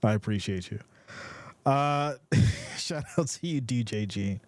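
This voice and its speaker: A man's voice: medium pitch, slow, no room sound. A man with a New York accent hosting a casual live sports stream, upbeat and greeting viewers, often repeating his phrases.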